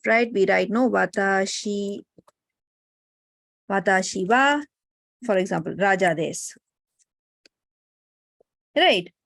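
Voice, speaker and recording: Woman, Indian English accent, language teacher, higher voice, dry sound, explanatory. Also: dry recording. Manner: explanatory, often tags sentences with "no?" and "right?". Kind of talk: online class lecture. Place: online class.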